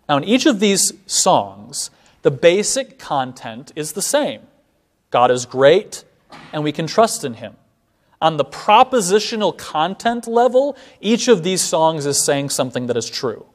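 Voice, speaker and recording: A man giving a seminary classroom lecture, explaining step by step and slowing down to recite lines of verse. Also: a little high, sing-song.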